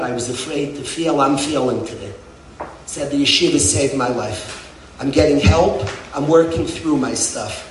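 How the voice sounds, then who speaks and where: A middle-aged man heading a yeshiva gives an impassioned speech to a crowd, swinging from loud outbursts to hushed words. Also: fairly high pitch, distant mic, a little hiss or hum. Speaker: yeshiva head. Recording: echoey hall, mic from afar.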